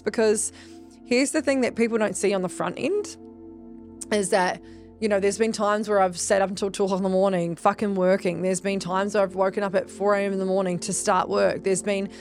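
A woman gives a motivational podcast monologue, quick and emphatic, leaning on "like" and dropping swear words as she goes. Her voice sits at an ordinary middle pitch for a woman. A little music plays faintly behind her. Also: a little mellow. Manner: rapid, emphatic, heavy "like" fillers, swears freely. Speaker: podcast host and business coach.

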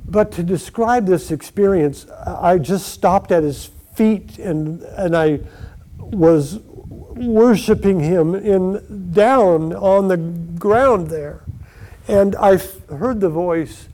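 A man earnestly telling his own near-death story in a slow, emotional testimony. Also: high-pitched, dark tone. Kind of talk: personal testimony.

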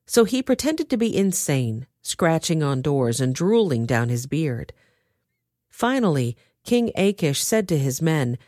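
A woman narrating a dramatized scripture reading with expressive storytelling. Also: sits low, a little slow, no echo, clean studio sound.

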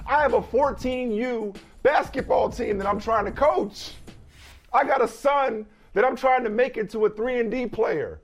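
A man hosting a sports debate show, venting in exaggerated mock outrage and shouting at times. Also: extremely high pitch, normal speed. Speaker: sports talk show host.

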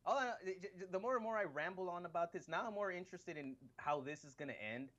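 A man's voice: sits high, fast talker, a bit bright, lo-fi sound. A man co-hosting a casual wrestling podcast, rambling and swearing as he acts out what others said. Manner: rambling, profane, acts out quotes. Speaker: podcast co-host.

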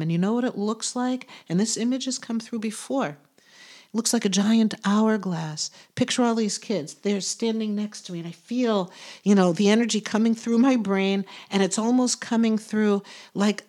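A woman's voice: mid-range voice, a little mellow. A middle-aged woman hosting a spiritual podcast, talking in an earnest, soothing way, laughing often and trailing off as she searches for words. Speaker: podcast host and medium.

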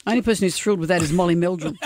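A woman's voice: lowish voice, racing, darkish tone. An Australian woman co-hosting a radio show, chatting casually and reading out quotes with mock drama. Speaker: radio co-host.

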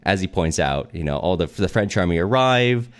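A man's voice: low-pitched, expressive, moderate pace. A man co-hosting a podcast, casually summarizing a novel with fillers and frequent laughter. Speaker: podcast co-host. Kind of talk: casual book discussion.

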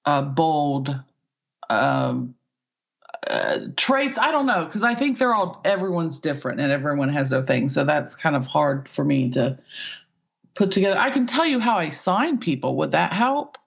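A woman's voice: sits low, very animated, normal speed, vocal fry, muffled recording. A woman talent agent in a casual podcast interview, chatty and rambling as she tells stories about her work.

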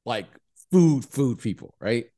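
A man co-hosting a podcast in casual chat, animated and repeating himself as he keeps turning to his co-host. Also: mid-range voice, slow pace.

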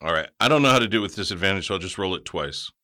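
Casting note: male player, lively pitch swings, bright tense tone, stammers and chuckles. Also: racing. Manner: animated, stammers and laughs between lines. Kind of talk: casual tabletop game chat.

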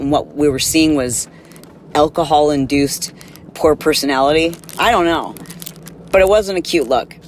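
A woman hosting a podcast, telling an animated, exasperated story in a casual monologue and acting out the people in it. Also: deep voice, normal speed, a little hiss or hum. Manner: animated, exasperated, acts out quotes. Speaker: podcast host.

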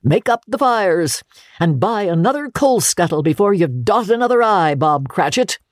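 A woman voicing a gruff old male miser in a storybook reading. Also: medium pitch, animated, a little slow, darkish tone, no echo, clean studio sound, pitched above the performer's own voice, close to an everyday voice. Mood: jovial.

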